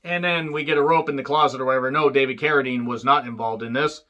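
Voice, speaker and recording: A movie reviewer with a steady, sharp-toned voice races through a casual film recap and review. He rambles and swears, packing in fillers and wisecracks, and his pitch jumps up whenever he acts out quotes.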